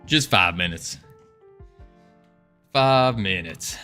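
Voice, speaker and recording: A man's voice: deep voice, expressive, drawn-out words, pushed and bright, soft background music, voice pushed down, exaggerated voice. A man putting on a folksy Southern cowboy drawl. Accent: put-on Southern US. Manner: drawling, folksy, chuckling at himself. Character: folksy Southern cowboy streamer, male adult.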